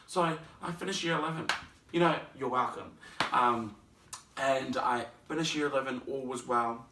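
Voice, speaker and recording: A young man vlogging, telling a personal story in an animated way, acting out scenes and other people's voices. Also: mid-range voice, normal speed, background noise. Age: young adult. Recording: roomy, mic at a distance.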